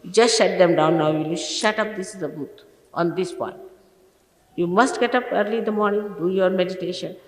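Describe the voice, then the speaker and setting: A woman's voice: lowish voice, normal speed. Older woman scolding in an echoey hall. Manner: scolding, emphatic, rhetorical questions. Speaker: spiritual teacher. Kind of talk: informal sermon to followers. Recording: echoey hall, old archive recording.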